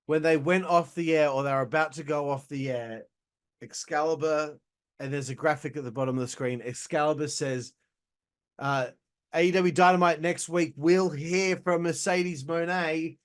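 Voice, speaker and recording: A man's voice: fairly high pitch, measured pace, fairly bright tone. Blunt, exasperated young man ranting. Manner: blunt, exasperated, swears freely. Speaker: host reviewing wrestling shows. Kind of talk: casual ranting review.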